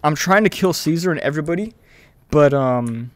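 A young man streaming a video game, chatting casually with viewers, excitable and swearing freely, yelling when the action heats up. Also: fairly high pitch, moderate pace, no room sound. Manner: excitable, swears freely, yells during fights. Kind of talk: casual live-stream chat and gameplay commentary.

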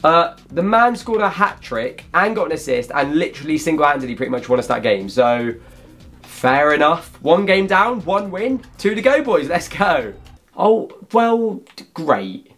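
Excitable young man, lively pitch. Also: unhurried, faint music behind. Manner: excitable, chatty, bursts into shouts. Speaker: gaming YouTuber. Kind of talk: excited live gameplay commentary.

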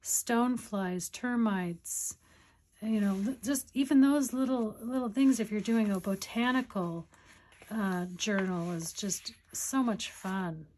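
A woman's voice: mid-range voice, takes it slowly, darkish tone. A woman chatting casually in a crafting vlog, rambling and giggly while she shows off her finds. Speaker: crafting vlogger. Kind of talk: casual show-and-tell chat.

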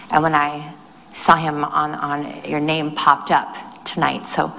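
A woman's voice: sits low, completely flat delivery, slow, gravelly, pushed and bright. A woman minister delivering prophetic words, speaking in a declarative way and voicing God in the first person. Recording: long hall reverb.

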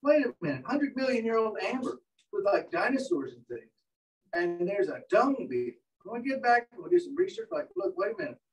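A man teaching entomology to a training group, telling stories with animated, acted-out quotes. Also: extremely high pitch, normal speed, recorded from a distance, poor audio. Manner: animated storyteller, acts out voices. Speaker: entomologist lecturer. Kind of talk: anecdotal training lecture. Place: indoor training room.

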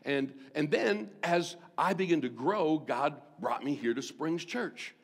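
A man's voice: fairly high pitch, lively intonation, measured pace, in a large hall. A middle-aged man, a senior pastor, preaching a sermon and telling a personal story, acting out the voices of the people in it. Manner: storytelling, acts out voices in quotes.

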